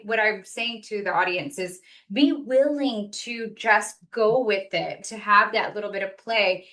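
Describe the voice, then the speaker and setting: A woman's voice: medium pitch, sharp tone. A woman hosting a spiritual talk show, chatting casually and enthusiastically and laughing easily.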